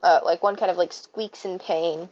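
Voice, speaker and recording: A woman's voice: on the low side, steady tone, moderate pace, a little mellow. A woman narrating as game master of a tabletop game, hesitant with many fillers. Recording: dull lo-fi mic.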